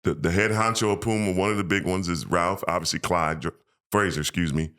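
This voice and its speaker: A man, a former pro basketball player, telling emotional, animated stories as a podcast guest and acting out quoted voices. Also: sits low, fairly quick, smooth. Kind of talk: casual storytelling interview.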